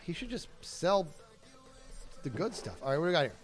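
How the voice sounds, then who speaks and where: A man livestreaming a game and thinking out loud, his voice bouncing up and down as he rambles and cracks jokes to his chat. He sits a little on the high side for a man, with soft music playing underneath. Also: sing-song, fairly quick. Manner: rambling, self-talking, jokey asides to chat. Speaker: streamer. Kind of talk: casual gameplay livestream chat.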